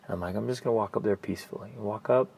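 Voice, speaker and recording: A man co-hosting a parenting podcast, telling coaching stories in an earnest, animated way and dropping to a soft, gentle tone. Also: fairly low pitch, racing, creaky, slightly rough, dry recording. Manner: earnest, animated storytelling, softens to near-whisper. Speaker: podcast co-host, family coach. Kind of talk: casual podcast chat.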